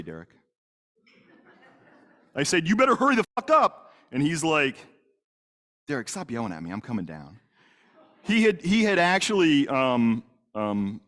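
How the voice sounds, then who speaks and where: A middle-aged man, a police detective, telling a story in a lecture, plain-spoken, with many fillers and restarts. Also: fairly low pitch. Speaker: police detective and crisis negotiator. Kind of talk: lecture to a congregation audience.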